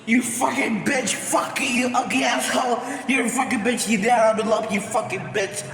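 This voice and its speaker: A man voicing a foul-mouthed, angry male house cat in amateur comedic voice acting, ranting and shouting with constant swearing. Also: extremely high pitch, fairly even intonation, moderate pace, gravelly, soft background music, full character voice. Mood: furious ranting. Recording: echoey room with long reverb.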